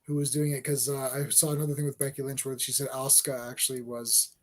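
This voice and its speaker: A man co-hosting a casual chat, talking in a rambling, halting way and often repeating words. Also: medium pitch, level tone. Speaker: podcast co-host. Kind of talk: casual chat reviewing wrestling.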